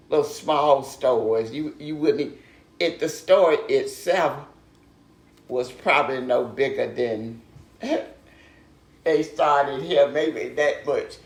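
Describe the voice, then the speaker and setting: An older woman recalling her childhood in an oral history interview, pausing to search for words. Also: very deep voice, echoey room. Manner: slow reminiscing, searches for words.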